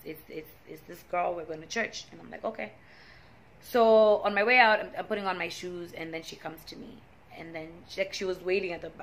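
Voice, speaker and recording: A young woman recounts a painful relationship story to her vlog audience. Her voice sits a little low for a woman, and she talks in a loose, emotional way, full of restarts and sudden flare-ups. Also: a bit bright. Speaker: vlogger.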